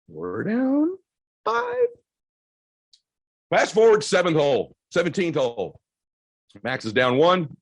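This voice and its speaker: A man in his forties giving a motivational speech to a live audience, telling a story with quick, energetic delivery and loud shouts at the high points. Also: no room sound. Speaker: motivational keynote speaker. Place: event stage before a live audience.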